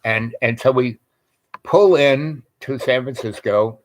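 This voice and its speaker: A man with an ordinary mid-range voice spins a loose personal story as a guest. He wanders off track and doubles back on his words, and he swears freely in a relaxed, conversational way. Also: mid-range voice, slow. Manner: rambling, digressive, frequent restarts and profanity. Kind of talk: casual anecdotal storytelling.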